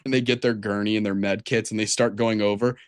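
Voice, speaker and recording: A man co-hosting a podcast, retelling a film with animated energy and plenty of swearing. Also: lowish voice, quick pace, clear, resonant tone, dry recording, studio quality. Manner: animated storyteller, swears freely. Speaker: podcast co-host. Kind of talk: casual chat.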